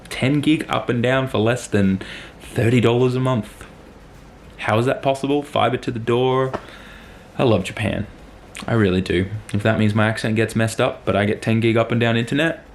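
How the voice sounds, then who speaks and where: A man's voice: fairly low pitch, slight background noise. A man from Australia whose accent has faded toward American, rambling through a casual vlog monologue with plenty of "like" and "um". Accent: faded Australian, drifting toward American. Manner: chatty, rambling, heavy on fillers like "like" and "um". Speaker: vlogger.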